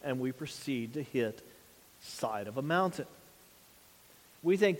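A pastor delivering a sermon in a conversational way, tossing rhetorical questions to the congregation. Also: male voice, medium pitch, animated, takes it slowly, long pauses. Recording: long hall reverb.

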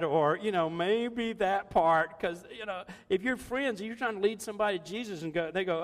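A man's voice: high voice, normal speed, big-room sound. A man in his sixties preaching a sermon in a conversational, joking way, laughing often. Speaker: pastor.

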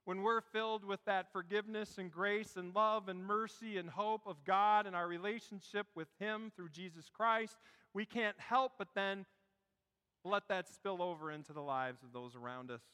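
A male pastor delivers a sermon in a high, bright tone. He shifts between animated storytelling and quiet, hushed emphasis. His voice carries a long reverb, like a church sanctuary. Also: moderate pace, clean tone. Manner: storytelling preacher, dropping to a hush for emphasis.

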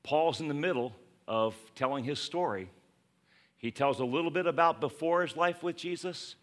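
Male pastor, bright and forceful tone, chatty preaching that acts out the Bible scenes. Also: on the high side. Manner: conversational, animated preaching with laughs; acts out scripture quotes in voices. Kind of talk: sermon.

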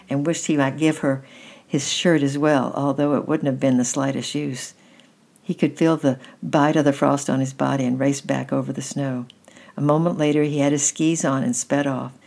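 A woman gently reading a children's story aloud at an unhurried pace. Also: rumbling low, gravelly.

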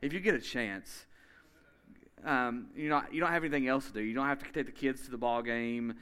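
A man preaching a sermon as pastor, emphatic and energetic, speeding up in bursts and slowly repeating key phrases. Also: medium pitch, clear, resonant tone. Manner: energetic, with quick bursts of speech.

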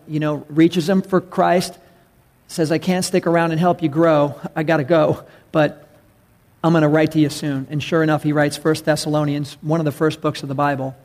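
Gravelly-voiced man preaching a sermon. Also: fairly high pitch. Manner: earnest preaching, rising to loud emphatic calls. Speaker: pastor.

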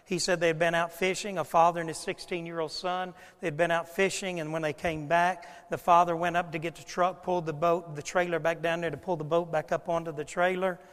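A pastor preaching a sermon in a high-pitched male voice. He tells stories in a hushed tone and rises to loud, shouted passages. The sound carries the long reverb of a large hall. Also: level tone, fairly quick, hardly any pauses, smooth.

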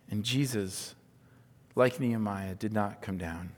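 A pastor preaching a sermon, his delivery swinging from hushed near-whispers to loud, emphatic exclamations. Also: lowish voice, a little slow, long reverb tail.

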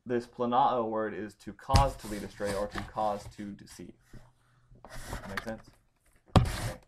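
A man's voice: fairly low pitch, fairly even intonation, unhurried, heavy background noise. A man leading a casual Bible study, explaining Greek grammar with emphasis and frequent ums. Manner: informal, stresses key words, many ums and restarts.

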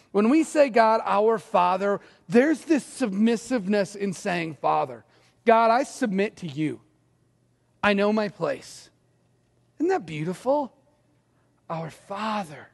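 A middle-aged man preaching a sermon, telling personal stories in a relaxed, conversational way with some laughter. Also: high-pitched, gravelly. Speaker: pastor. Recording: long reverb of a large hall.

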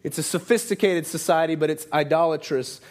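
A man's voice: fairly high pitch, fairly quick. A man preaching a sermon in a conversational way, often asking "right?" and restarting his sentences. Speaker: pastor.

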